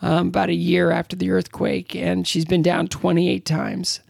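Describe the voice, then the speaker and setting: Gravelly man in his sixties. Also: high voice, monotone, no room sound, studio quality. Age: 60s. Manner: halting, many fillers and restarts. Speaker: interview guest. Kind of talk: casual conversational storytelling.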